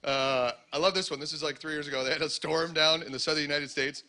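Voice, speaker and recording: A man's voice: on the high side, fairly even intonation, quick pace. A man from Canada with a Canadian accent, doing a sardonic, conversational stand-up comedy set. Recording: loud background noise.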